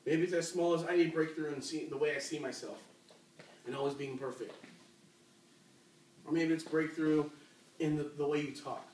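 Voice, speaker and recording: High-voiced man preaching in an echoey church. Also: steady tone, normal speed, long pauses, darkish tone, recorded from a distance, slight background noise. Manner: conversational, asks the crowd questions, many fillers. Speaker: youth preacher. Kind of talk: sermon with storytelling. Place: church youth service, large room. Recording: echoey room, voice from off-mic.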